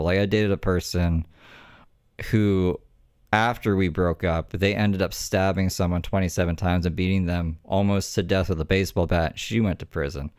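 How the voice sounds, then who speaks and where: A man's voice: low-pitched, no room sound, clean studio sound. A young man hosting a stream, talking to his chat in a blunt, laid-back way and swearing freely. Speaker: streamer and host.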